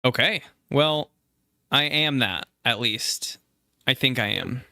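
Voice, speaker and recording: A man's voice: mid-range voice, expressive, takes it slowly, gravelly, sharp tone, no echo, studio quality. A man playing a tabletop game, chatting casually about his character with a rambling, self-correcting manner full of fillers.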